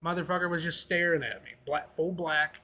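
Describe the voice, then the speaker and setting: Brief: young male podcast co-host from Minnesota, jokey and excitable, faint background hiss. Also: fairly high pitch, a little fast. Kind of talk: casual chat.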